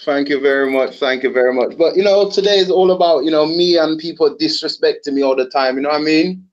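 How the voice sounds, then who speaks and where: A man with an English accent, a guest speaking by call from home, who hesitates often and fills his pauses. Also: fairly high pitch. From England. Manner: hesitant, filler-heavy. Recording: dull lo-fi call line with faint noise.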